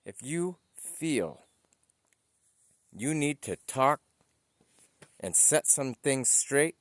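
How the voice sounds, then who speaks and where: A man's voice: mid-range voice, lively intonation, drawn-out words, a bit bright. Blunt, profane man ranting to camera. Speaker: vlogger.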